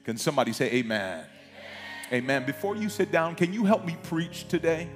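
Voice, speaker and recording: A man preaching as a pastor, reading scripture aloud with emphatic pauses and side comments. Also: on the high side. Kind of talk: sermon. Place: church sanctuary. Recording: long reverb of a large hall, music behind.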